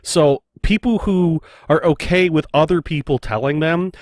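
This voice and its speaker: A man's voice: fairly high pitch, moderate pace, dry recording, studio quality. A young man from Canada co-hosting a podcast, probing with questions in casual chat and leaning on fillers. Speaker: podcast co-host.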